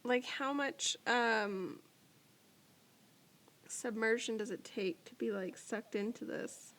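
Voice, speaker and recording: A woman's voice: on the high side, fairly bright tone. A young woman co-hosting a podcast, reacting in casual chat and swearing often. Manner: swears a lot, quick reactions. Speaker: podcast co-host.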